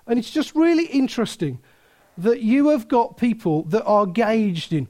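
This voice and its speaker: A man preaching a sermon, telling a story with many restarts and laughter, then turning quieter and earnest. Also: very high voice, expressive, moderate pace. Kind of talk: sermon with anecdote.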